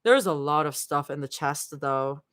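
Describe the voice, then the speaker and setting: A woman reading fan fiction aloud, voicing a snappish, sardonic young woman in a low, clipped, sulky tone. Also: lively intonation, measured pace, a bit bright, dry recording.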